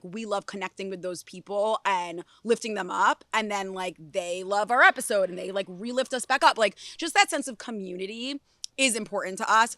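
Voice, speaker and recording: A woman's voice: medium pitch, pushed and bright, no room sound, clean studio sound. A young adult woman hosting a fashion podcast in casual chat, talking in a chatty way with lots of "like" fillers. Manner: chatty, filler-heavy "like" phrasing. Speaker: podcast host.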